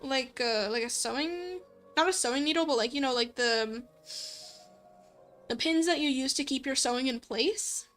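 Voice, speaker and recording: A woman's voice: sits high, normal speed, fairly bright tone. A young adult woman streamer in casual let's play commentary, chatty and giggly, thinking aloud. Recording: faint background music.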